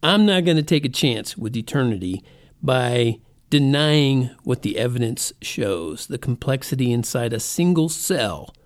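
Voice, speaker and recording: A middle-aged man hosts his own podcast, his medium-pitched voice expressive and a little slow. In a casual monologue, he rambles conversationally and pokes fun at himself.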